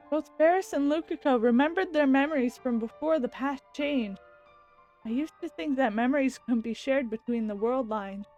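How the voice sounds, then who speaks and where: A woman streamer reading a visual novel's narration aloud and exclaiming excitedly as she plays. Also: high voice. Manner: expressive, quick to exclaim.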